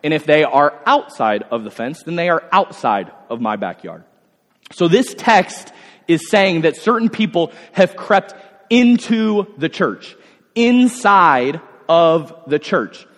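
Guy in his 30s preaching, lively, lots of asides n questions, kinda high voice, big hall echo. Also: slow pace. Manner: animated, with rhetorical questions and asides. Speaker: pastor. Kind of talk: sermon. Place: church sanctuary. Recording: long hall reverb.

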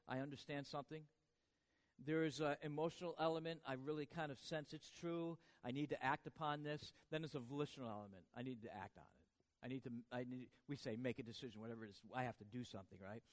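A man with a high, ringing voice preaches a sermon, dropping to near-quiet and then climbing to loud peaks. He keeps throwing questions back at the congregation. The sound carries the long tail of a big reverberant hall. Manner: swings from hushed to loud, asks the congregation rhetorical questions. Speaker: pastor.

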